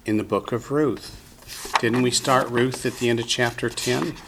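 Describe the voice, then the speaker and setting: A man's voice: medium pitch, steady tone, normal speed, background noise. A man teaching Biblical Hebrew in a classroom, patiently drilling students with call-and-response.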